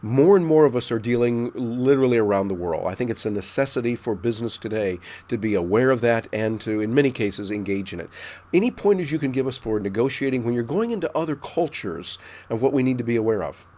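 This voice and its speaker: A man's voice: mid-range voice, expressive, quick pace, mellow. A man hosting an interview over a video call, asking chatty, jokey questions. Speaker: interview host.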